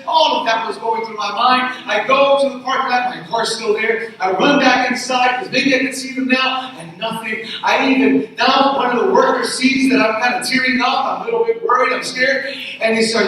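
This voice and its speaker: A pastor from Tucson preaching a sermon, telling a personal story in an earnest way and repeating phrases for emphasis. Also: male voice, extremely high pitch, normal speed, sharp tone. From Tucson, Arizona. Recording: echoey hall, mic from far off.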